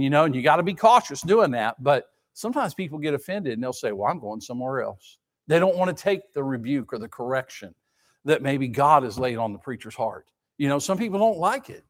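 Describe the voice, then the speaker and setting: His voice high, a man preaching to his congregation leans on emphatic repetition for effect. He is a pastor and keeps asking rhetorical questions as the sermon goes on.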